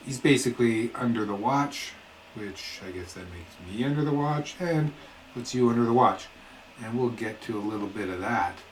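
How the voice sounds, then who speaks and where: A man's voice: mid-range voice, a bit bright, a little hiss or hum, rough recording. A man hosting casual reaction commentary, talking in a laid-back way with wry asides. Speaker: host.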